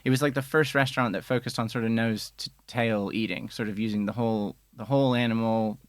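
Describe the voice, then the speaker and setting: A man guest on a podcast recorded in a studio, telling a long story in a relaxed, chatty way and briefly mimicking other people. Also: on the low side, a little fast, dry recording. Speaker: guest, film and TV editor. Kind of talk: casual podcast chat.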